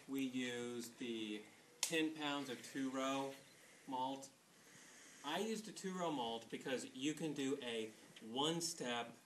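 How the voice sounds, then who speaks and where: A man's voice: medium pitch, a bit bright, slight background noise. Chatty man giving a home brewing demo. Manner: chatty, rambling, self-deprecating humor. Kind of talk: casual how-to demonstration. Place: home kitchen.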